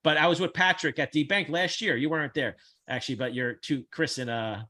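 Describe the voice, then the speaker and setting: A man hosting a casual chat, blunt, brash and profane, with animated storytelling. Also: on the high side, fairly quick. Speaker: host.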